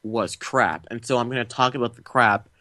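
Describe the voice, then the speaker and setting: A man hosting a film podcast, telling a story with gusto and jumping up in pitch when he acts out what people said. His voice sits mid-range and sounds close and dry, with no room around it. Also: normal speed, no room sound. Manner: animated storyteller, acts out quotes with big pitch jumps. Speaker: podcast host. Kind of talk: casual podcast chat.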